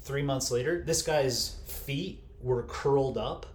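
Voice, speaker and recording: A man's voice: mid-range voice, slow. Candid man telling stories in an echoey room. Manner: animated, candid, acts out quotes, swears freely. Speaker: guest, health coach. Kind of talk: casual storytelling in a podcast interview. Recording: echoey room with faint ambience.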